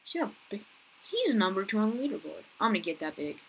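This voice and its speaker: A young woman giving casual gameplay commentary, chatty and talking to viewers and other players, her voice rough as she keeps clearing her throat. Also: mid-range voice, big pitch swings, fast talker, a little hiss or hum, rough recording. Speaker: gaming youtuber.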